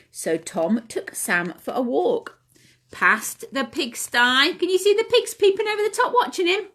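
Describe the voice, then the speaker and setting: A woman's voice: on the high side, animated, measured pace, a bit bright. A woman leading a home playgroup, reading a picture book aloud to toddlers and asking them questions. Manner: asks children questions, sing-song. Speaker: playgroup leader.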